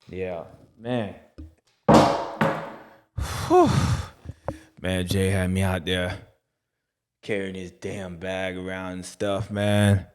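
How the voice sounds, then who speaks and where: A man's voice: sits low, noisy background, voice pushed down. A man voicing a broke, lazy male caddy who complains in rambling street slang.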